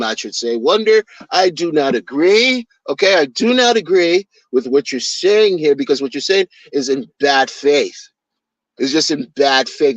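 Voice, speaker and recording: A man putting on the voice of a boastful, condescending male crypto founder who talks down to a critic. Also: no echo. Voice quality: low, mocking, self-important. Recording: dull dry lo-fi recording.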